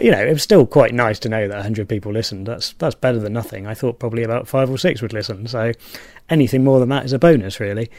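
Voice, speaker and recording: A man's voice: medium pitch, darkish tone, no echo, clean studio sound. A man hosting a homemade podcast, rambling and self-deprecating, with plenty of fillers. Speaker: podcast host. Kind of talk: casual podcast chat.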